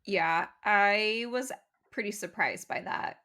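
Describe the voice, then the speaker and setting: A young adult woman co-hosting a casual podcast chat, steady and earnest, often chiming in with short agreement. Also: mid-range voice, takes it slowly. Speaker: podcast co-host.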